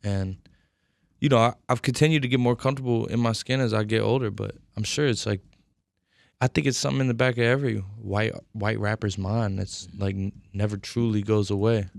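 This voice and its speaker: A man's voice: on the low side, steady tone, brisk, vocal fry, dry recording, studio quality. A young man in his twenties answering interview questions thoughtfully and earnestly, with many fillers. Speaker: rapper, interview guest. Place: radio studio.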